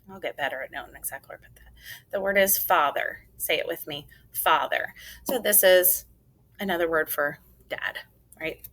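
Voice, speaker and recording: A woman teacher leading a phonics lesson for children, enunciating clearly and spelling words out letter by letter. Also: low-pitched, a bit bright, a little hiss or hum, poor audio.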